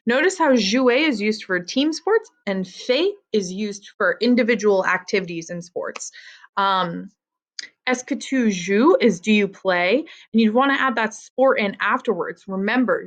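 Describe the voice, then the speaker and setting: Woman French teacher, slow unhurried delivery, clear drilling, classroom lesson. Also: mid-range voice, expressive. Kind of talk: vocabulary lesson for students.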